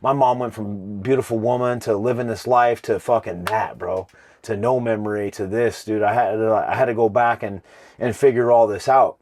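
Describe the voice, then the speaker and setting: A man's voice: on the low side, steady tone, moderate pace, darkish tone. A man from Iowa, a professional fighter and podcast guest, talking in earnest casual chat, swearing a lot and calling the listener "bro" constantly. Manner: earnest, confessional storytelling.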